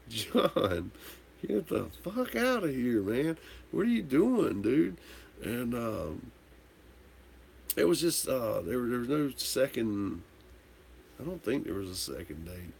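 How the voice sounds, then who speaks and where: A man's voice: on the low side, vocal fry, a little mellow, a little hiss or hum. A man hosting a casual livestream, tipsy from drinking, telling a rambling, candid story and swearing casually. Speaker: livestream host answering viewer comments.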